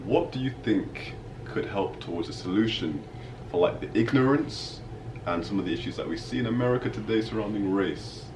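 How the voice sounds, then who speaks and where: A man hosting a casual discussion in a hotel lobby, measured as he leads it with questions. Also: lowish voice. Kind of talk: casual chat. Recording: roomy echo, distant mic, audible noise.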